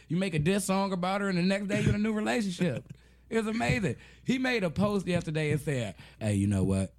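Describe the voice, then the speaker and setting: A man hosting a loose talk show with his friends. His voice sits a bit high for a man. He jokes and teases in a slangy, easygoing way and laughs often. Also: a little mellow. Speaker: podcast host. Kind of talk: casual banter with friends.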